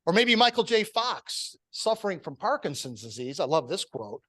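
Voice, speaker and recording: A man hosting a public-speaking club meeting, giving an earnest, measured prepared talk before introducing the next speaker. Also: sits high, very animated, a bit bright. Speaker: meeting host.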